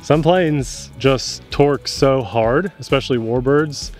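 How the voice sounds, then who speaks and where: A man's voice: mid-range voice, slow, a little mellow, soft background music. Easygoing man narrating an RC flight outdoors. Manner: chatty and easygoing, explaining as he flies. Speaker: RC pilot and channel host. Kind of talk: casual outdoor flying commentary. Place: outdoor flying field.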